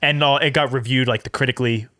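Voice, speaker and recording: A man talking at a rapid clip in a relaxed podcast chat. His voice sits at an ordinary pitch and the sound is close and dry, with no room around it. He tells stories in an animated way. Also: no echo. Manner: fast, animated storytelling with laughter. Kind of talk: casual chat.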